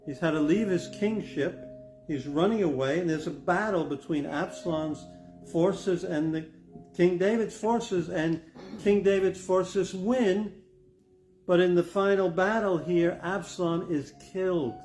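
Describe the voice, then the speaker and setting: This older male pastor has a high-sitting, darkish voice and speaks a little slowly. He preaches earnestly and reflectively, building to emphatic moments, while guitar music plays behind him.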